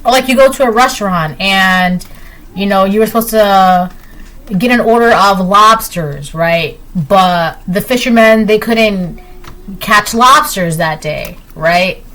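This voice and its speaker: A woman's voice: mid-range voice, slow pace, fairly bright tone. A woman giving a collective tarot reading, talking straight to viewers in an emphatic, repetitive way. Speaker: tarot reader.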